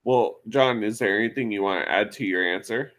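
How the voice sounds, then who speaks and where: A man's voice: lowish voice, a little fast, a bit bright. A man hosting a casual podcast chat, brash and joking with lots of swearing. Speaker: podcast host.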